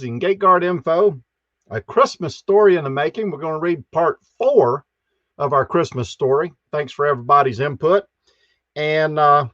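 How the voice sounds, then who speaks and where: A man hosting a live stream greets each viewer folksily, his slightly high voice a bit bright. The audio is dry, slightly dull and echo-free, typical of a lo-fi home setup.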